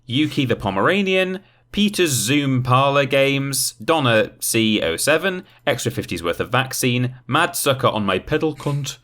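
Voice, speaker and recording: A man's voice: medium pitch, animated, measured pace, fairly bright tone. A man co-hosting a comedy podcast, reading silly donor names and plugging his channels. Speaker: podcast co-host. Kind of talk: casual podcast banter.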